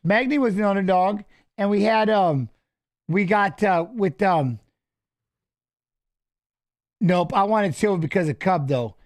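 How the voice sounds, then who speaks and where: A man's voice: high-pitched, a little slow, pauses often. A man casually commenting on a fight as he watches along, rambling and swearing while telling stories between the action. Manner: rambling, profane, restarts and fillers.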